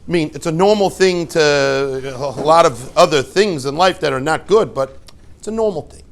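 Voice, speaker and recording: Rabbi guy giving a torah class, kinda high voice, tells stories n jokes, lots of "how do you like that?" type questions. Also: moderate pace, vocal fry. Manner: animated storyteller, rhetorical questions, joking asides. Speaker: rabbi and yeshiva head. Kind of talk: informal Torah talk to a class.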